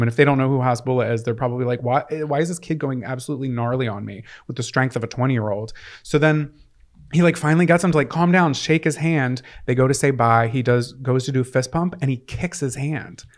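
A man co-hosting a podcast, telling stories in animated casual chat. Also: mid-range voice. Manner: animated storytelling. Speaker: podcast co-host.

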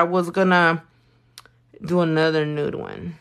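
A woman's voice: lowish voice, steady tone, slow, fairly bright tone, smooth. A woman doing nails while talking casually to a live audience, blunt and profane, full of slang. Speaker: nail artist.

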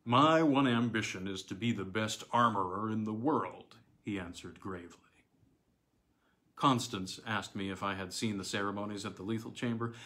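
Low-voiced male audiobook narrator. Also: fairly bright tone. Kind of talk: scripted narration of a classic story.

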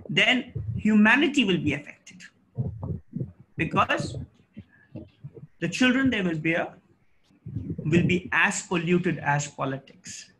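A middle-aged man giving a formal guest lecture, emphatic and rhetorical, with pauses and restarts. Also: high-pitched, background noise. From India.

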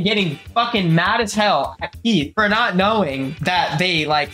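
A man's voice: high-pitched, expressive, unhurried, few pauses, pushed and bright, faint music behind. A man giving casual, comedic movie commentary, profane and incredulous, his speech full of fillers. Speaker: movie reviewer.

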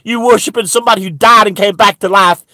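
Man acting zealous stammering preacher, high-pitched, sharp tone, indignant rant. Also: fairly even intonation, quick pace, no room sound. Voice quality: stammering, repeating words. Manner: rambling, indignant, breaks into high shouts. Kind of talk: satirical character monologue.

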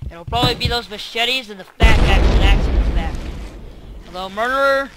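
A teenage boy giving let's-play commentary, groaning and shouting in frustration at the game. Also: sits high, heavy background noise. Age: teens. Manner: exasperated, quick to groan and yell at the game. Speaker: gamer.

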